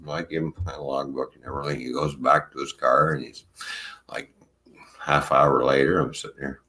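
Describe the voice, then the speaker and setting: A man's voice: very deep voice, fairly even intonation, normal speed, bright, forceful tone. A man hosting a casual live stream, telling rambling, profane trucking anecdotes and acting out the dialogue. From Canada. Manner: rambling anecdote-telling, swears freely, acts out quoted dialogue. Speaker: stream host and former long-haul trucker.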